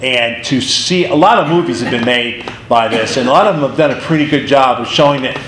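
Lively man teaching a Bible class. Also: medium pitch, roomy sound, a little hiss or hum, low-quality recording. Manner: animated storytelling, acts out the figures' lines. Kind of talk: casual Bible class lecture.

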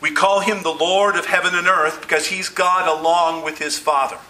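A man's voice: a little high, fairly even intonation, normal speed, pushed and bright, far from the mic, low-quality recording. A male pastor preaching a sermon, emphatic, with repeated phrases that rise and fall. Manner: emphatic preaching with rising and falling repetition.

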